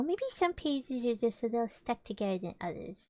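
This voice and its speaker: A woman's voice: on the high side, very animated, brisk, dark tone, no room sound, clean studio sound. A woman streamer reading a children's book aloud with chatty, playful asides to her viewers. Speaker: vtuber streamer.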